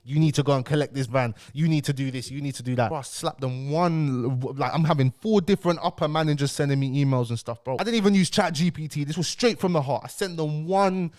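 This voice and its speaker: A young man telling a story to camera in a casual, slangy way, repeating phrases and dropping his voice for calm asides. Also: on the high side, fast, few pauses. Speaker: YouTuber.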